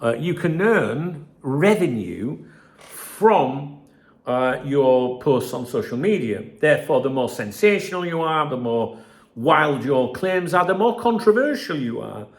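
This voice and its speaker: A man's voice: a little high, very animated, measured pace. A man hosting his channel in a casual, rambling vlog chat from his home office desk, swearing freely as he talks. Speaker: channel host.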